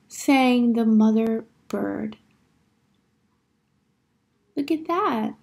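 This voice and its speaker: A woman's voice: sits high, a little slow, a little mellow, slightly rough. A woman teacher reading a picture book aloud to children, acting out the sound words and stopping to ask the class questions.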